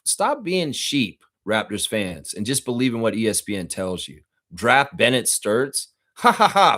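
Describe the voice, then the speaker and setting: A man with a profane, heated manner, hosting a live reaction stream and reading out viewer comments. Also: on the low side. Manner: reads viewer comments aloud.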